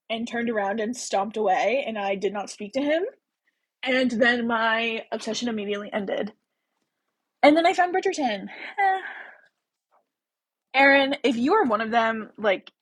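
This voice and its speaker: Husky, chatty woman hosting a live. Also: on the high side, rough recording. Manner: chatty, rambling, lots of "like" and "um"; giggly, self-deprecating. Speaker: host of a book-chat livestream. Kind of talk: casual livestream chat.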